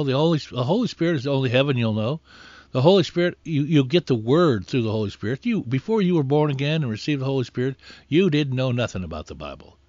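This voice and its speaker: Preaching in a conversational, earnest way, this man speaks at medium pitch with a slightly mellow voice, building in force as he exhorts. The audio is dry, dull and lo-fi.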